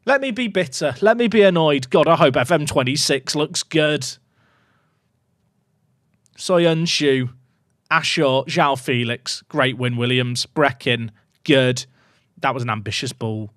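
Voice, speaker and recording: A man streaming a football management game, talking to his chat and swinging from low muttering to excited shouts. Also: measured pace, pauses often, dry recording, clean studio sound. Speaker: gaming streamer. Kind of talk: live game commentary to chat.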